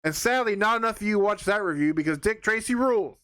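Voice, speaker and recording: A young man talks through a film review in a loose, rambling way, full of fillers and false starts. His voice sits a little high for a man and sounds smooth and clear. The recording is dry and close, with no room sound. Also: lively intonation, quick pace, fairly bright tone, dry recording. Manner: rambling, sarcastic, lots of fillers and restarts. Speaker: movie reviewer. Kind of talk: casual spoken film review.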